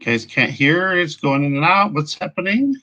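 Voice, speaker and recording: A man hosting a casual livestream, rambling as he checks his audio, greets viewers by name and often clears his throat. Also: fairly high pitch, expressive, moderate pace, sharp tone, highs cut off. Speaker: livestream host.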